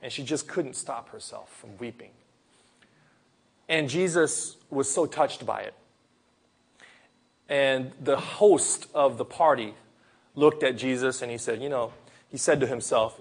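Preaching in a mid-range, slightly rough voice, this man recounts a story from the Gospels. He tells it earnestly, like a storyteller, pausing and then hitting words with sudden force.

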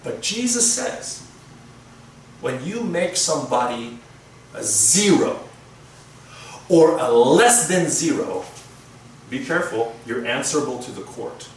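A man preaching a conversational sermon, pausing and restarting as he explains his points. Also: medium pitch, sing-song, slight background noise. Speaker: pastor. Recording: echoey room from far off.

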